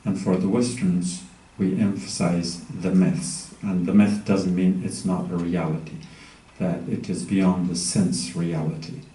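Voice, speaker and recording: A man giving a measured academic lecture, pausing often with ums and uhs. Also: low-pitched, little pitch movement, mellow. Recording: echoey room, mic far off.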